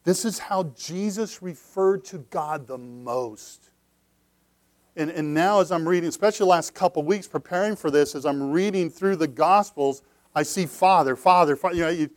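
An earnest male pastor delivering a sermon in a somewhat high voice, recorded close and dry. He restarts and repeats phrases, sinking into hushed, low passages before rising into loud, emphatic cries. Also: no echo.

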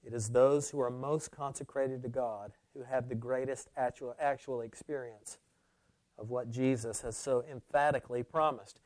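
A man preaching a sermon, moving from loud emphatic declarations to hushed, near-whispered lines. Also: mid-range voice, steady tone, normal speed, no echo.

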